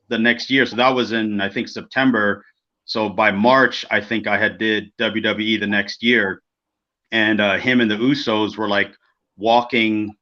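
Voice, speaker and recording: Man, podcast co-host, animated storyteller who swears freely, bright tone. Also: lowish voice. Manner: animated, acts out quoted people, swears freely. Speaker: podcast co-host, former wrestler. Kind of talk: casual storytelling. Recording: dull lo-fi podcast audio.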